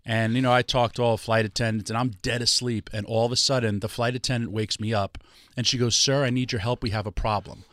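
A man telling a lively story in casual chat, laughing often and quoting people in voices. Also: medium pitch, quick pace, no echo, studio quality. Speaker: guest storyteller.

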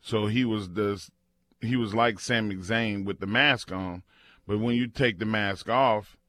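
A man's voice: lowish voice, unhurried, fairly bright tone, no room sound, studio quality. A man co-hosting a sports radio show, talking bluntly and slipping into mock-angry rants. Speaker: radio co-host. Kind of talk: casual sports radio chat.

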